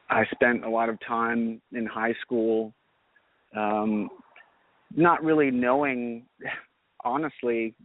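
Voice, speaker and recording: A man's voice: medium pitch, no room sound. A man from North Carolina, a guest on a radio interview, talking in a friendly, rambling way with many restarts. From North Carolina, USA. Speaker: guest, actor and musician. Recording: dry, tinny phone line.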